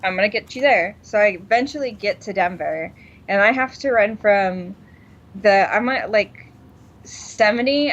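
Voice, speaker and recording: A woman co-hosting a podcast, telling a story in casual chat, laughing often and acting out what people said. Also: medium pitch. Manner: animated, laughs often, acts out quotes. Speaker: podcast co-host. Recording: dull lo-fi sound.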